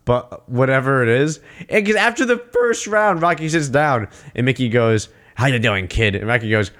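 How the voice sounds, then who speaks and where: A man's voice: medium pitch, animated, normal speed, fairly bright tone. A man in casual chat recapping a boxing movie, swearing freely and acting out the characters' lines between laughs. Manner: laughing, profane, acts out quoted lines.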